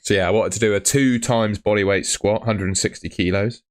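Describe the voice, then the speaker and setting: Low-pitched male streamer, tired, casual and rambling, reads out chat names. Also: fairly even intonation, fairly quick. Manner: chatty, rambling, answers chat by name. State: tired, yawning. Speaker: fantasy football streamer.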